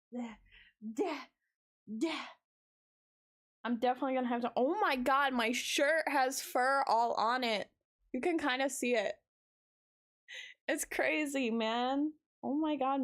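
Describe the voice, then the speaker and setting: A young woman streaming a game, chatting casually, tired, talking to her chat and her cat. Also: fairly high pitch.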